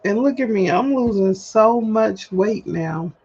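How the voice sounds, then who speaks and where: A woman's voice: medium pitch, lively intonation, measured pace, a little mellow, husky. A woman hosting a solo livestream, talking candidly and chattily to her viewers and laughing at herself, recorded at home. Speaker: livestream host. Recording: dull lo-fi livestream audio.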